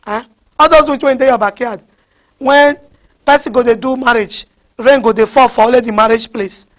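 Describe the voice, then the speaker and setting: A woman preaching a sermon, animated, mixing in pidgin and often asking the crowd "huh?". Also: fairly high pitch, normal speed. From West Africa.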